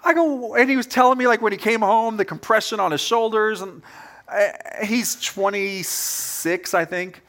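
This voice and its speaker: A man's voice: sits high, normal speed, fairly bright tone. A male pastor giving a conversational sermon to his congregation, telling stories and speaking directly to them. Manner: casual, anecdotal, direct address to congregation. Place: church service.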